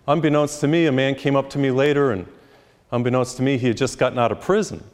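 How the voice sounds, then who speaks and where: Male priest, live sermon, jokey storyteller, mid pitch, long hall reverb. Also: fast talker, a little mellow. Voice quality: storytelling, acts out characters with pitch jumps. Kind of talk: sermon with humorous stories. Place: church retreat, live.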